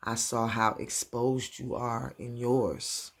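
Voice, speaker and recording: A man's voice: medium pitch, flat delivery, slow pace, creaky, fairly bright tone, full character voice. Man quoting a grown daughter confiding in her mother. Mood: earnest.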